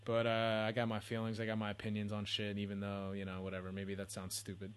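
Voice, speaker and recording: Young male podcast host, solo rant from home, rambling, profane, self-mocking, lowish voice. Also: completely flat delivery, fast talker, smooth.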